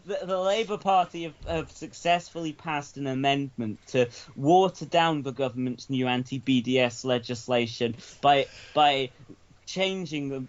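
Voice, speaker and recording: A man from the United Kingdom hosting a comedy podcast, dry and self-mocking, often stumbling over his words. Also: medium pitch. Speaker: podcast host. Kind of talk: casual comedy chat. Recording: dull lo-fi sound.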